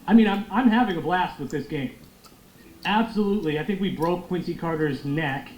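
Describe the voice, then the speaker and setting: A young man giving loud, excitable, profane commentary while playing a football video game. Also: a little high, normal speed. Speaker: gaming streamer. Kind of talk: live gameplay commentary. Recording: echoey room with faint noise.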